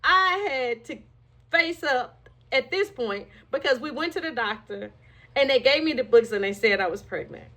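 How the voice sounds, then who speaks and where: A woman's voice: high-pitched, lively intonation, moderate pace, a bit bright. A woman frankly and emotionally telling her own life story, with rueful laughs along the way. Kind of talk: candid personal testimony.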